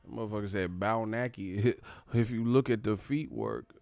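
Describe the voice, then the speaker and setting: A man's voice: on the low side, sing-song, normal speed, creaky, darkish tone, no room sound, soft background music. A young man hosting a live stream about boxing, casual and profane, laughing often and mimicking commentators. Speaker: boxing channel host.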